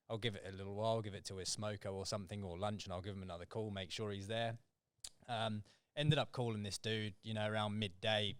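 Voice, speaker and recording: A man's voice: lowish voice, a bit bright, clean tone, no room sound. A man, a recruiter, telling a work story in a laid-back, slangy casual chat.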